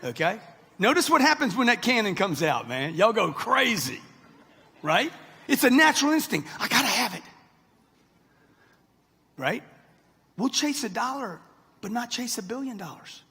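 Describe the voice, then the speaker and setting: A brash man in his sixties delivers a motivational speech in a high, husky voice. He talks straight at the audience in short, punchy lines. His voice rings out through a large hall with a long reverb. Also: sing-song, normal speed, bright, forceful tone. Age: 60s. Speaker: motivational speaker.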